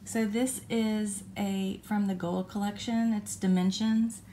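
Woman vlogger, slow warm rambling delivery, faint ambient hiss. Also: mid-range voice, fairly even intonation. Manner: rambling, with fillers and self-corrections. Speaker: cross-stitch vlogger. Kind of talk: casual show-and-tell chat. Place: condo balcony by the beach.

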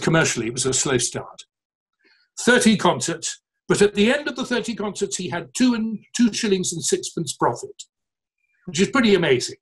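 A man's voice: high voice, breathy edge, poor audio. A man, the conductor of an orchestra, giving a storytelling talk to an audience and addressing the listeners directly.

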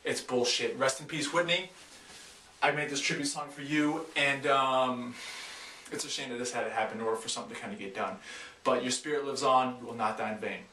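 A man ranting to camera in a mock-earnest, profane and agitated way, halting with fillers, recorded at home on a distant camera mic. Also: medium pitch, fairly even intonation. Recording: roomy, far from mic, faint hiss.

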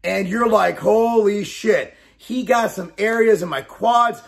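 A man's voice: sits high, a little slow, creaky, fairly bright tone. A man in his forties talking straight to camera in a casual vlog, blunt and emphatic, swearing and repeating his points. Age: 40s. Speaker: fitness company owner and bodybuilder.

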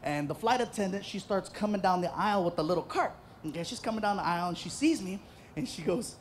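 Animated stand-up comedian telling a story. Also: male voice, sits high, fast, slight background noise. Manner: animated, does voices and shouts.

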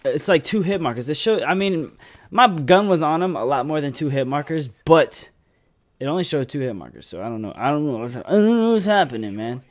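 A young man giving casual, excitable commentary over a shooter game, cursing freely and tagging "man" onto his lines. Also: a little high, a little fast. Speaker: gameplay commentator.

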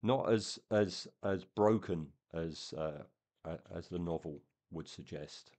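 Low-voiced guy reading a story out loud then chatting about it, keen, stumbles a bit. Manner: enthusiastic, halting. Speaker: comic and book reviewer. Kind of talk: reading aloud and casual chat.

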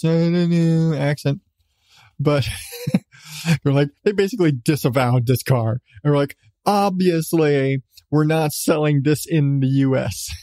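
Laughing often and cursing a lot, a podcast host sarcastically riffs on strange news stories in a casual comedic rant. He speaks in a fairly high, slightly mellow voice, recorded without echo.

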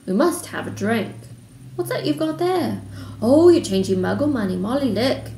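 A woman reading aloud voicing an excitable, balding middle-aged wizard father. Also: medium pitch, normal speed, gravelly, natural voice. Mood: delighted. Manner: eager, excitable. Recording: roomy room, faint background noise.

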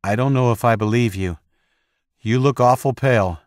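A man voicing a wounded young woman who stays calm and wry. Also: medium pitch, normal speed, dry recording, studio quality, voice pushed up, close to an everyday voice.

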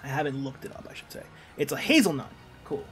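A man's voice: fairly high pitch, big pitch swings, fast talker, fairly bright tone, faint music behind. Chatty man streaming a game. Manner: chatty, joking, talks to chat and reads out messages. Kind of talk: casual chat while playing a game.

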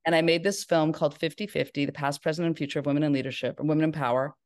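A woman's voice: sits low, steady tone, rapid-fire, darkish tone. A middle-aged woman from Northern California, a filmmaker guest in an interview, telling her story in a rambling way with many restarts.

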